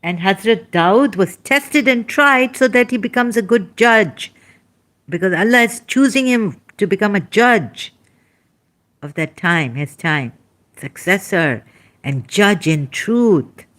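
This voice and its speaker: Slow, emphatic woman lecturing in pain. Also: medium pitch, sing-song, fairly bright tone. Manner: emphatic, scolding, rambling. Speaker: religious critic. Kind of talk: lecturing monologue.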